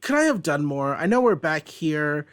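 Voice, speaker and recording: A man's voice: on the high side, sing-song, moderate pace. A man voicing a wise male mentor from a comic, earnest and commanding.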